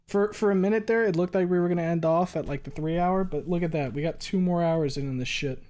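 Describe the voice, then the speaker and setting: A man's voice: fairly high pitch, fast, few pauses, a little mellow. A male streamer chatting casually at the end of a stream. He jokes, curses freely and reads out messages from viewers. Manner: joking, profane, reads chat aloud. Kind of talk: casual livestream chat.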